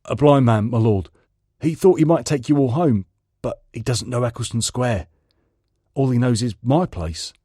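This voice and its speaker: A man voicing a worried male chauffeur who speaks loudly and defers to his master. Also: medium pitch, moderate pace, husky, dry recording, clean studio sound, lightly acted. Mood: deferential.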